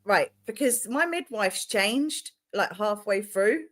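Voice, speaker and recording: A woman telling stories in a casual chat, blunt and animated, swearing heavily. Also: mid-range voice, takes it slowly.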